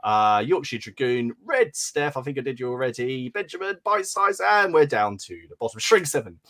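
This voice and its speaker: A man's voice: medium pitch, big pitch swings, normal speed, a bit bright. Chatty English man hosting a podcast. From England. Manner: chatty, laughs often, stumbles over names. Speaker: podcast host. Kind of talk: casual chat reading out chat names.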